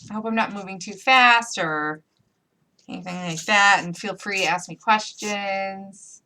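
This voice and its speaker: Speaking at a measured pace, a woman with a medium-pitched, bright, forceful voice hosts a live crafting tutorial. Her accent is upstate New York, and she's chatty and playful, thinking aloud while she talks through each step of the work.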